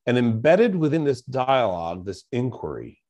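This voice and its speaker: Man, mid-pitched, reflective, storytelling, coach in an interview, quotes mantras. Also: very animated, normal speed, a little mellow. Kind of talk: conversational interview.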